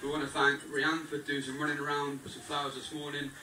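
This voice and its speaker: Young groom thanking everyone, kinda high voice, far from the mic, loud crowd laughing behind. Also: male voice, completely flat delivery, fairly quick, reverberant, background noise. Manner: jokey, thankful, addresses the crowd directly. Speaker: groom giving a wedding speech. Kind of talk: wedding speech. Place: wedding reception hall. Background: guests laughing and chattering.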